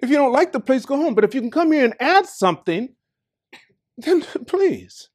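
An older man from the United States tells stories to a room of staff. His pitch rises and falls a lot. He drops to quiet asides, then breaks into loud bursts with frequent laughs. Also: fast. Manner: lively, swings from quiet asides to loud outbursts, laughs often. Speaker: company staff talk speaker. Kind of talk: animated storytelling talk.

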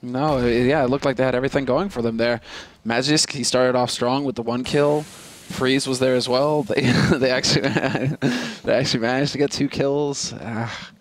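A man's voice: mid-range voice, normal speed, few pauses, no room sound. Casual male esports analyst. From Canada. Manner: casual, analytical, laughs easily. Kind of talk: colour commentary.

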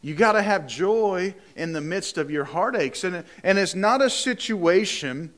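A man's voice: sits high, lively intonation, measured pace, fairly bright tone. A male pastor preaching a sermon in a conversational way, often repeating words and asking rhetorical questions.

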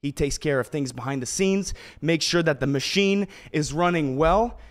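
A young man hosting a casual gaming livestream from home, talking to viewers in an excitable, slangy way full of "bro" and "man". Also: a little high, normal speed, few pauses.

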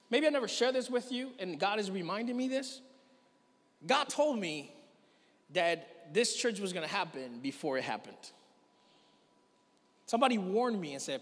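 High-voiced pastor preaching in a reverberant hall. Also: male voice. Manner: animated storytelling, voices characters in the story. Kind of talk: sermon. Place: church hall.

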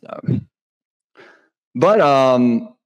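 A man's voice: mid-range voice, lively intonation, very slow. A man from Mississippi, chatting as a podcast guest in a slangy style, full of "dude" and "bro". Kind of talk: casual podcast chat.

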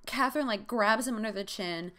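A woman's voice: a little high, brisk, bright, forceful tone. A young woman hosting a comedic book-recap show, retelling the story with sarcastic jokes and asides. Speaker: podcast host.

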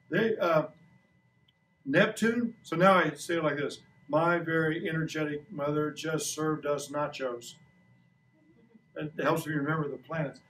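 A man's voice: a little high, a little hiss or hum. A man in his sixties teaching a science lesson to a class of children in a playful, joking way, asking them questions. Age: 60s. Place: school classroom. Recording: echoey classroom recorded from a distance.

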